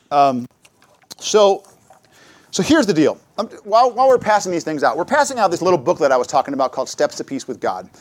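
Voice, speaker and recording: A man's voice: fairly high pitch, moderate pace, pauses often. A middle-aged man giving a church talk, telling personal stories and acting out what he and others said. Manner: lively storytelling, acts out his own quotes. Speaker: church speaker.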